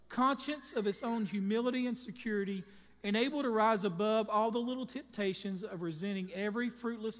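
A pastor preaching a sermon with emphatic delivery and folksy storytelling asides. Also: male voice, sits high, fairly bright tone. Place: church sanctuary. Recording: long reverb in a large hall, music behind.

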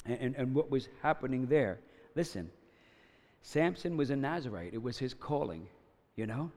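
A man's voice: medium pitch, animated, normal speed, darkish tone, long reverb tail. A man in his fifties, a pastor preaching a sermon in a casual storytelling way, often checking in with "right?" and "you know?". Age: 50s.

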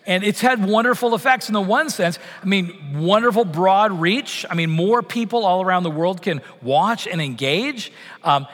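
A middle-aged man from Canada delivers a sermon in a loose, conversational way, full of fillers and restarts. His voice sits high for a man. A long reverb trails each phrase, as in a church sanctuary. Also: normal speed, a bit bright. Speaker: pastor.

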